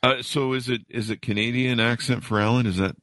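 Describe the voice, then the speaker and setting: A man's voice: medium pitch, fairly even intonation, a little fast, fairly bright tone, dry recording. A man hosting a podcast, joking and rambling with self-mocking asides. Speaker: podcast host. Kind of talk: casual rambling podcast intro and interview.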